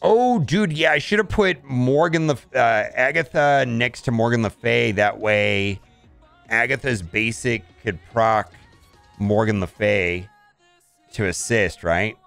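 A man's voice: medium pitch, takes it slowly, vocal fry, a bit bright, no room sound, soft background music. A man casually commenting on a mobile game as he plays, thinking aloud and often saying "all right".

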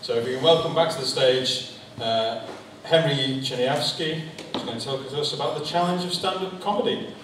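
A man's voice: mid-range voice, moderate pace, hardly any pauses. Man announcing a speaker in an echoey hall. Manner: brief formal introduction. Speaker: event host. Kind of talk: introducing a speaker. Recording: echoey hall, distant mic, noisy.

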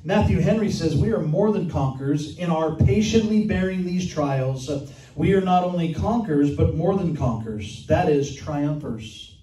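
An older man preaching a sermon as pastor, earnestly reading scripture and commentary aloud and slowing down for emphasis. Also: on the high side, expressive, warm tone. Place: church sanctuary. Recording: echoey room, mic from far off.

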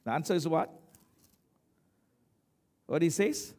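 A man's voice: a little high, lively intonation, takes it slowly, darkish tone. A man preaching as pastor, emphatic, often asking the congregation questions. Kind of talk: sermon.

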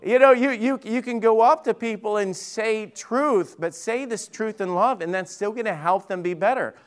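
Male pastor, high-pitched, casual storytelling sermon with emphatic peaks. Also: moderate pace, clean tone. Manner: chatty storytelling with jokes, rising to emphatic preaching. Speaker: lead pastor. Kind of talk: conversational Bible-study sermon.

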